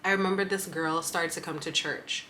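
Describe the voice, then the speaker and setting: Young woman vlogging, bright voice, a bit low, laughs and goes off on tangents, faint room hum. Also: normal speed. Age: young adult. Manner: animated and laughing, digresses and backtracks. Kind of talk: personal storytelling to camera.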